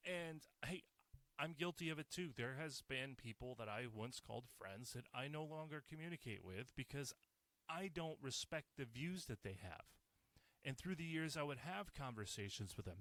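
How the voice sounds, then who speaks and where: A man's voice: on the high side, expressive, normal speed, a bit bright, no room sound. A man hosting a podcast, talking alone in a blunt, profane, ranting way. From United States. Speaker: podcast host. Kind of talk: casual solo monologue.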